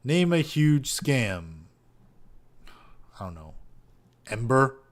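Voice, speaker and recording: A man's voice: medium pitch, very animated, extremely slow. A man hosting a casual podcast, reading out online posts and ranting about them with heavy profanity and exasperation. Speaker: podcast host.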